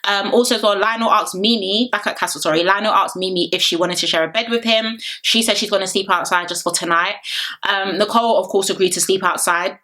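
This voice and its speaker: A woman, chatting casually as she recaps a reality dating show for her vlog, animated and laughing often. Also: mid-range voice. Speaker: reality TV reviewer.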